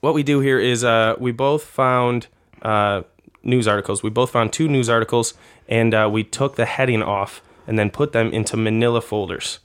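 A man co-hosting a casual comedy podcast, with a mid-range voice that sits around average pitch. He is crude and giggly and keeps breaking into laughter as he reads a news piece aloud. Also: steady tone, moderate pace, smooth. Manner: giggly, crude, laughs through his reading. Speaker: podcast co-host.

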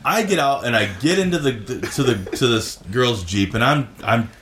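A man telling a long story in casual podcast chat, acting out his own shouted lines and others' quotes. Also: medium pitch, lively intonation, moderate pace, echoey room, background noise. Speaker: podcast guest.

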